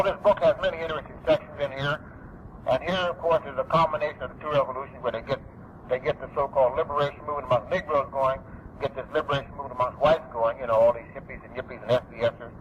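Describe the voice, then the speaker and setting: A middle-aged man giving an emphatic, repetitive public lecture, preserved on an archival recording. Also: medium pitch. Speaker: speaker. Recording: dull lo-fi archival recording with faint noise.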